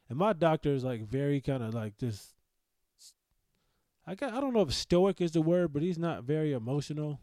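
A man's voice: on the high side, expressive, moderate pace, dark tone, no room sound. A man hosting a podcast, telling a personal story in an anxious, self-deprecating, rambling way. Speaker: podcast host.

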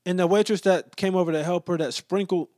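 A man telling a story in a casual rant, profane and exasperated, sometimes dropping to low muttered asides. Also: steady tone, a little fast, darkish tone, no room sound, studio quality.

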